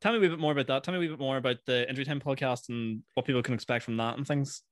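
A man's voice: mid-range voice, no room sound. Northern Irish man hosting a podcast, dry sound. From Northern Ireland. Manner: friendly, laughs often, quick backchannels. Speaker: podcast host. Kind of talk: casual interview.

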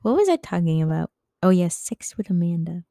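A woman's voice: lowish voice, big pitch swings, brisk, vocal fry, mellow, no echo. A young woman hosting a casual solo podcast, giggling often and rambling as she loses her train of thought. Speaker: podcast host.

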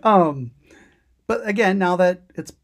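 A woman co-hosting a podcast, joking around in relaxed, slangy casual chat. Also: fairly low pitch, slow pace. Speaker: podcast co-host.

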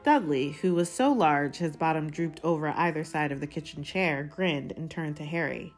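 A woman reading a novel aloud in a measured, deliberate way. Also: low-pitched, soft background music. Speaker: reader.

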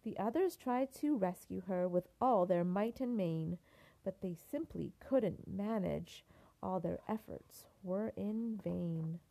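An older woman, a grandmother, reading a picture book aloud in an expressive, unhurried way. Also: medium pitch, gravelly.

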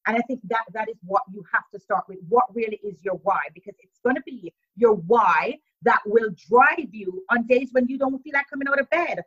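A woman's voice: on the high side, a little fast, few pauses, a bit bright, slightly rough. A woman from Jamaica with a mixed Jamaican and American accent, a podcast guest speaking emphatically and repeating her key phrases. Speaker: interview guest, entrepreneur. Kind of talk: motivational interview talk. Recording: dull lo-fi audio.

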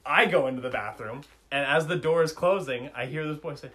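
A man's voice: on the high side, a little fast, low-quality recording. A young man, telling a funny story casually with friends and laughing at himself. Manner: animated, self-mocking, laughs through story.

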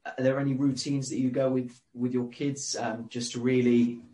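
A man hosting a podcast, asking thoughtful questions with many pauses and ums. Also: mid-range voice, level tone, warm tone, poor audio. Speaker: podcast host. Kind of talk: interview questions.

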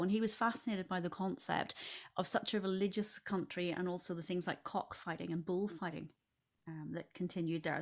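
Articulate female podcast guest with theatrical emphasis. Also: fairly low pitch. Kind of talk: casual podcast discussion.

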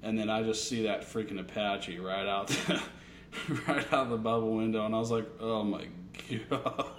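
Low-voiced man laughing through a story. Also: fairly even intonation, normal speed, a bit bright, slight background noise. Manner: laughs often, easygoing. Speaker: military aviation veteran. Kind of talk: casual conversation.

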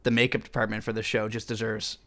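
A man's voice: lowish voice, monotone, fast talker, a bit bright. A man co-hosting a casual movie podcast, easygoing and often laughing as he brings up the next news items. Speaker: podcast co-host.

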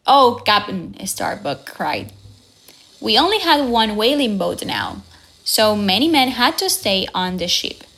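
A woman reading a simplified adventure story aloud as the narrator, slowly and evenly, lifting her voice for the quoted lines. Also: mid-range voice, gravelly. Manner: slow, even storytelling read with raised voices for quoted lines. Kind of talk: scripted audiobook narration.

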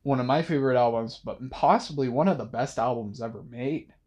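A man's voice: mid-range voice, a little fast, a little mellow, breathy edge. A young man talks through his thoughts in a loose late-night monologue. He rambles, trips over himself and restarts often, leaning on fillers as he goes. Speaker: podcast host.

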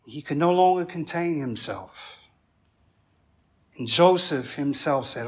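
A male pastor preaching a sermon, with animated storytelling and humorous asides. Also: a little high, takes it slowly, long pauses.

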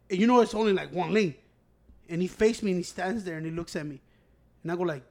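High-voiced man telling heated profane stories. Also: fast, vocal fry. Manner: profane, heated storytelling, bursts of loud shouting. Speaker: podcast co-host. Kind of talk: casual chat, storytelling.

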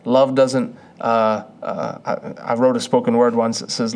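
An earnest young man preaches in a loose, conversational way and often restarts a phrase before pressing on. His voice sits at a middling pitch. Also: little pitch movement, measured pace, hardly any pauses. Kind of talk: sermon.

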